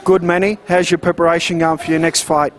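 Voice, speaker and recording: A man's voice: fairly high pitch, level tone, fairly quick. A man hosting a boxing interview show, asking upbeat promotional questions.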